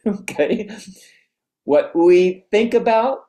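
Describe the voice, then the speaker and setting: An energetic motivational coach speaks to an audience that is writing notes. The talk runs on strings of rhetorical questions, and phrases often break off and start again. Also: mid-range voice, extremely slow.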